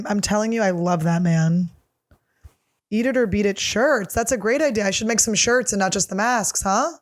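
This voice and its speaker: A woman comedian in her thirties reads out listener questions and rambles through blunt, crude, self-mocking answers. Her voice sits on the low side for a woman. The recording is dry and close, with no room sound. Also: no room sound. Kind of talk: casual solo chat.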